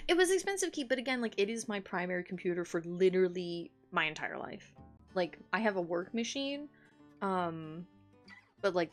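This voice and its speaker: Brief: casual woman art streamer, rambly and chatty, mid-range voice with some vocal fry, soft guitar music behind. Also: lowish voice. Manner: chatty, rambling with many "like"s, laughs often. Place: home.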